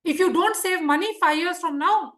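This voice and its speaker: A high-pitched woman runs a lively speaking workshop. She fires questions at the room and acts out short examples. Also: normal speed. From India. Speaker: public speaking trainer. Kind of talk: interactive workshop lesson. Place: club meeting room.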